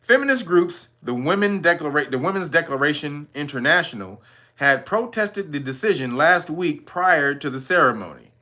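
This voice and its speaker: A man hosting a casual news commentary stream, talking in a profane, animated way and often laughing. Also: a little high, moderate pace. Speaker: channel host.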